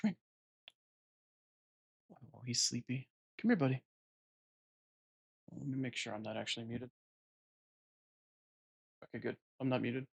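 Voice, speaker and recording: A man streaming a video game, chatting casually into a desk microphone and cooing softly to his cat. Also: medium pitch, steady tone, measured pace, gravelly, pauses often, slightly rough. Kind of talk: casual live-stream chat.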